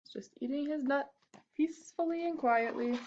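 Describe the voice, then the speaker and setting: A woman reading a picture book aloud to children in a slow, expressive, sing-song way. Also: high-pitched. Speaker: storyteller. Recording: dull lo-fi recording.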